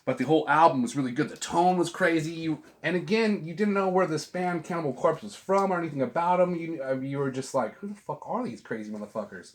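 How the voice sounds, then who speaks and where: A man's voice: fairly high pitch, fairly quick, hardly any pauses. Middle-aged guy rambling about records at home, swears a ton, keeps restarting sentences, camera on a tripod. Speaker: vinyl channel host. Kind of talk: casual chat about albums. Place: at home with a dog.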